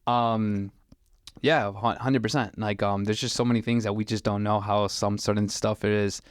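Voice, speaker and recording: Fairly low and with little pitch movement, this twentysomething man's voice comes through at a moderate pace in clean studio sound with no room echo. He tells loose, rambling stories on a casual podcast, saying "like" constantly.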